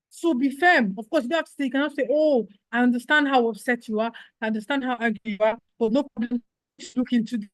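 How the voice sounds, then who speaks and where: A woman's voice: sits high, dry recording, poor audio. A woman giving a customer service training lecture, acting out exchanges between staff and customers. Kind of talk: workshop lecture.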